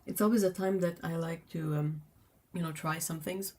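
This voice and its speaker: A woman's voice: low voice, fairly even intonation, moderate pace, a little mellow, a little hiss or hum. A woman hosting a casual livestream, chatting in a rambling way with lots of fillers. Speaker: livestream host.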